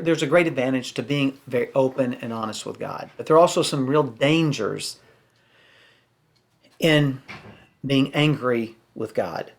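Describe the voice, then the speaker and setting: A man's voice: medium pitch, a bit bright. A man giving a teaching sermon in an earnest way, reading scripture aloud and acting out sample prayers, sometimes repeating words for emphasis. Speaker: pastor.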